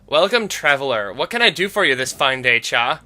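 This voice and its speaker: A man's voice: mid-range voice, very animated, brisk, pushed and bright. A man voicing a laid-back female witch in a valley girl voice, drawling and tacking "cha" and "brah" onto her sentences.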